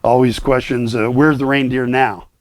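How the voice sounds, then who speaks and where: A man's voice: mid-range voice, level tone, normal speed, a little hiss or hum. An older man who works as Santa, chatting casually with many fillers and restarts. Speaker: Santa performer guest. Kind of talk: casual chat.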